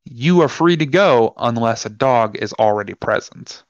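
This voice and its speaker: A man co-hosts a casual podcast at a middling pitch, telling stories with energy and playing out each side of a conversation. The sound is dull and lo-fi, with a dry, close feel and no room around it. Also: moderate pace, no room sound. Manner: animated storyteller, acts out quoted exchanges. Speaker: podcast co-host.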